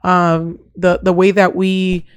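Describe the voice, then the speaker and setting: A woman's voice: fairly low pitch, level tone, slow pace, clean tone, no room sound. A woman co-hosting a podcast in casual chat, talking on with frequent restarts. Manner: chatty, restarts sentences often. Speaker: podcast co-host.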